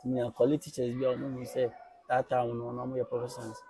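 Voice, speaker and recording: A man in his thirties from Ghana, a teacher answering interview questions in a calm, reflective way, mixing local language with English. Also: mid-range voice, fast talker, low-quality recording. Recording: crowd noise behind.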